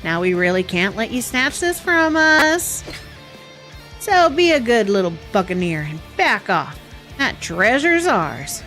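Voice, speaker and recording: A woman voicing a cocky young male treasure hunter, brash and taunting, pitching her voice lower. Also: big pitch swings, unhurried, a bit bright, faint music behind.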